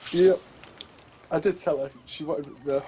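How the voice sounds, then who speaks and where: A man's voice: a little high, steady tone, normal speed, mellow, husky. A man playing a tabletop game, chatting in a laid-back, joking way. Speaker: player. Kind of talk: casual chat.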